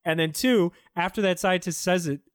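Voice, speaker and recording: A man's voice: sits high, moderate pace, clean tone, dry recording, studio quality. A man in casual podcast chat, reviewing a bad movie with profane, sarcastic jokes. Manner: profane, sarcastic, mocking impressions.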